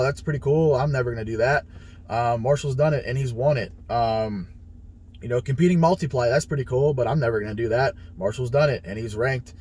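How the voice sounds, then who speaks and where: Speaking in a mid-range voice with a darkish tone, a man shares his powerlifting training story casually. The telling is blunt and full of profanity, and he plays out the conversations he had.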